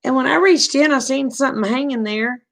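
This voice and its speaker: A middle-aged woman vlogger with a drawl moves briskly through a story, her slightly high voice edged with gravelly fry. She's folksy and animated, sounds like she's talking with a friend, and acts out every bit of quoted dialogue.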